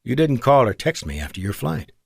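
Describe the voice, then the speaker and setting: A man's voice: medium pitch, big pitch swings, fairly quick, vocal fry, darkish tone, breathy edge, dry recording, exaggerated voice. A man voicing a fiercely independent woman fighter pilot, playful and teasing in her replies, in an audiobook.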